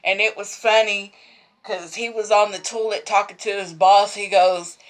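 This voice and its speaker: Here a sewing vlogger from Texas, a woman with a mid-range voice, keeps a steady tone at a normal speed. Her casual story rambles and circles back on itself, and she laughs all along.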